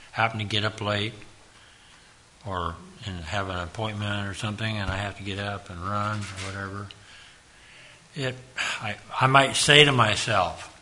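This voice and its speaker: A man preaching a sermon, slow and earnest, repeating his point and rising to sudden loud emphasis. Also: fairly low pitch, slight background noise.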